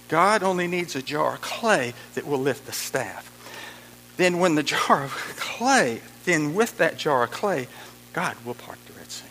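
High-voiced, lively preaching man. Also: a little slow, big-room sound, slight background noise, rough recording. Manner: emphatic, repeats key phrases. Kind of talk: sermon.

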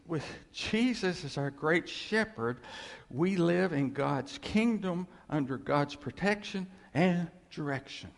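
A man pastor preaching a sermon, emphatic and repetitive, reading scripture slowly. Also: fairly high pitch, gravelly. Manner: emphatic, repeats phrases, reads scripture slowly. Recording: echoey hall.

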